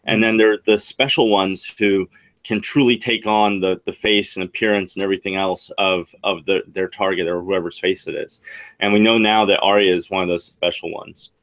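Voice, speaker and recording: A man's voice: low-pitched, fairly even intonation, normal speed, fairly bright tone. A man, a chat moderator on a livestream, confidently explaining a theory at length.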